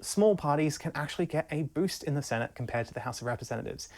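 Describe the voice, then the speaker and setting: A speaker narrating a scripted civics explainer with playful jokey asides. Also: female voice, deep voice, expressive, fast talker, a little mellow.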